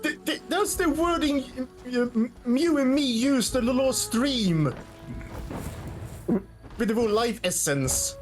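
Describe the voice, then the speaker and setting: A woman's voice: a little high, lively intonation, slow pace, soft background music. A woman casually chatting as a co-player on a game stream, reading out the chat. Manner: chatty, reads chat aloud.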